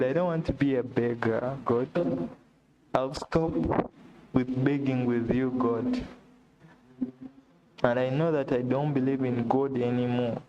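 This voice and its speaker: A man talks into his live vlog stream very slowly, circling back to the same despairing lines again and again. His carries through a mid-range voice. Steady background noise and clicking sit clearly behind him. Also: medium pitch, dull audio. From Uganda. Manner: despairing, repetitive lament addressed to God. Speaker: vlogger.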